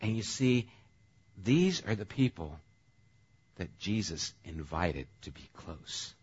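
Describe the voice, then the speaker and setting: A male pastor preaching a sermon in a conversational, animated way. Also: low-pitched, slow pace, slightly rough, highs cut off.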